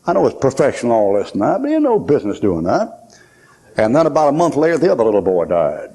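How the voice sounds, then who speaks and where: A man's voice: mid-range voice, huge pitch swings, quick pace, warm tone, slightly rough. An older man preaching a sermon in a folksy storytelling way, telling stories from his own life. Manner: folksy storytelling preaching, acts out quoted voices. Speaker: pastor.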